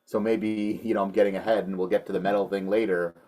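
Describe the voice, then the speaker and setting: A man's voice: fairly low pitch, little pitch movement, quick pace, dark tone. A man co-hosting a metal music show, chatting casually and hedging with many restarts as he reviews a song.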